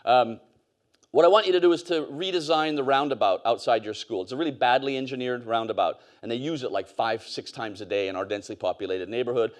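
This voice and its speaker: A man's voice: mid-range voice, fast talker. A man gives a casual, anecdote-driven conference talk on stage, full of fillers and asides. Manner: conversational, storytelling, with fillers and laughs. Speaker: conference speaker.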